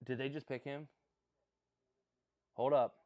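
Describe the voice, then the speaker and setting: A young man hosting a live stream, commenting on a sports draft in an excitable, rambling way and often correcting himself. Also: mid-range voice, takes it slowly.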